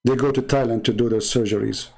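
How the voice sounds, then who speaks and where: A man's voice: mid-range voice, steady tone, quick pace, gravelly, a little mellow. A man hosting a religious debate show, delivering a polemical monologue in a mocking, emphatic way, full of rhetorical questions and repetition for effect.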